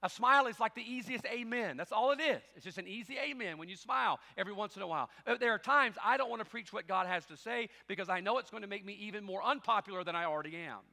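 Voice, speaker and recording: A middle-aged man preaching a sermon as pastor, shifting between loud, driving preaching and quiet, joking asides. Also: sits high, quick pace, vocal fry, few pauses, long reverb tail. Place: church sanctuary.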